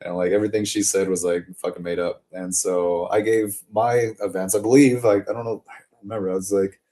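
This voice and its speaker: Low, mellow-voiced man rambling casually. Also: fairly even intonation, brisk. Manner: rambling and digressive, profane, with frequent fillers. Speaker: vlogger. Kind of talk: casual storytelling to camera.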